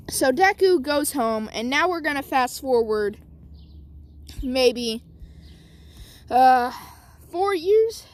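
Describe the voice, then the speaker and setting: A woman telling her own fan story casually, rambling and correcting herself as she goes. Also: high voice.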